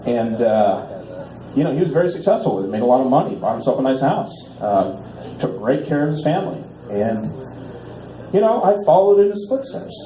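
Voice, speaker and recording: A man in his forties doing a stand-up comedy set in a bar, delivering punchlines deadpan and drawing out repeats while he waits for laughs. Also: medium pitch, brisk, echoey room, a little hiss or hum, low-quality recording. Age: 40s. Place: small bar stage.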